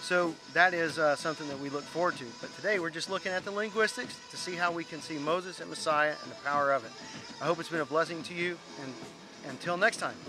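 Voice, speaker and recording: A man's voice: fairly high pitch, fast talker, music in the background. Earnest man teaching a Bible word study. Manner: earnest, reads scripture aloud, stumbles on Greek words.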